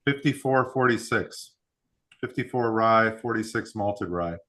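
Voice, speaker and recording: A man hosts a whiskey club tasting in casual chat, his voice low-set but bright and forward. He reads out proofs and mash bills in an easy, unhurried way.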